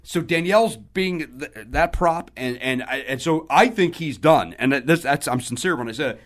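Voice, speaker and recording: Animated man telling comedy stories. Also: on the high side, normal speed. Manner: animated, bursts loud when quoting others; restarts and trails off often. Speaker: comedian guest. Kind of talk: casual podcast storytelling.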